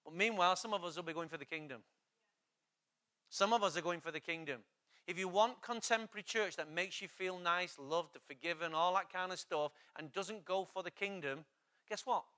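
A male pastor, preaching an urgent, exhorting sermon that builds to loud, emphatic passages. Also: high voice, moderate pace.

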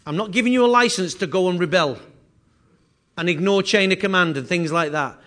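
With a brisk pace and a sharp tone, a pastor preaches a sermon, his voice sitting high for a man. He's earnest throughout, repeating key phrases and restarting lines to build his case.

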